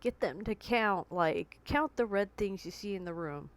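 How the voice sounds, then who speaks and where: A woman's voice: medium pitch, expressive, a little slow. A woman vlogging candidly and conversationally from her bedroom, recording on a tablet, with vivid comparisons. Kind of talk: personal talk to camera.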